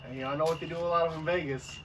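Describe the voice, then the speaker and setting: A man co-hosting a casual sports podcast, teasing his partner and rambling with repeated words. The mic sits at a distance. A clear hiss of noise runs under his voice. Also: on the high side, steady tone, very fast. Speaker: podcast co-host.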